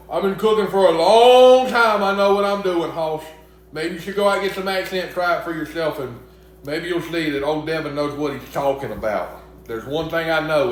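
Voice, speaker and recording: A young man from Mississippi with a Southern accent, chatting casually as he cooks and joking back at imagined critics. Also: high-pitched. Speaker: cooking vlogger. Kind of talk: casual cooking vlog. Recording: very echoey room.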